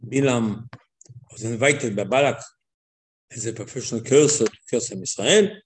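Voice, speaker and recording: A man teaching a religious lesson in a lively storytelling way, acting out dialogue and repeating his words for emphasis. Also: medium pitch, normal speed, slight background noise.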